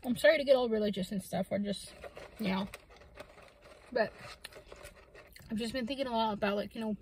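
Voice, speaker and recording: A mukbang vlogger with a fairly high voice chats casually while eating, talking a little fast with her mouth full. She muses in a soft-spoken, wondering, rambling way with lots of fillers, and the poor audio has a little hiss or hum.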